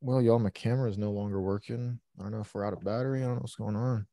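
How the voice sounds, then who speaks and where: A man hosting a live trading stream, chatting casually, excitable and swearing constantly. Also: fairly low pitch, racing, no echo, studio quality. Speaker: livestream trading host.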